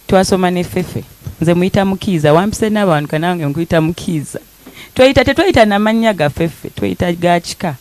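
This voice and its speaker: Soft-spoken Ugandan woman, emotional. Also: lowish voice. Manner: switches between English and Luganda, soft, laughs often. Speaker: singer thanking guests. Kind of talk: emotional speech at press conference.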